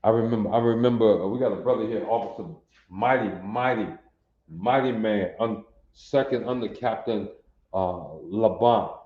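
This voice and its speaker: A man's voice: lowish voice, moderate pace. A man teaching a language class, repeating words and drilling pronunciation insistently. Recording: echoey, dull lo-fi room.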